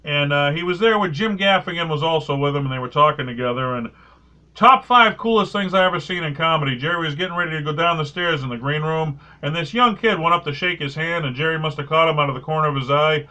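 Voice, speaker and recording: A man hosting a comedy podcast, telling stories in an animated way and reading out listener comments. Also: a little high, fast, low-quality recording. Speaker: podcast host. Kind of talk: casual podcast chat.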